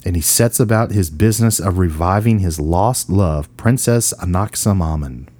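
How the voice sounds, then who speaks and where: This podcast host has a low-pitched, slightly mellow voice at normal speed, with no room sound. In a playful, teasing mood, he bantes with and jokes at his co-host while summarizing an old horror film.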